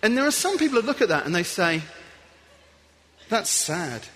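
A man giving a playful, animated talk to an audience as a guest speaker, acting out little scenes as he goes. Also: extremely high pitch, very fast, background noise. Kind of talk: lively motivational talk to an audience.

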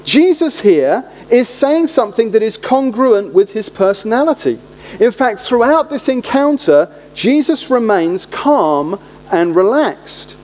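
A man in his forties preaching a humorous, animated sermon in a church. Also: very high-pitched, measured pace. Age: 40s. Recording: echoey hall, dull lo-fi sound.

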